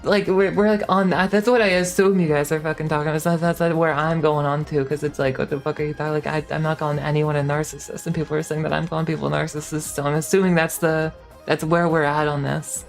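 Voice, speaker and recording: A woman's voice: low voice, level tone, fast, faint music behind. Heated young woman ranting on stream. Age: 20s. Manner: heated, swearing, many fillers and restarts. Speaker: VTuber streamer. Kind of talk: casual stream rant.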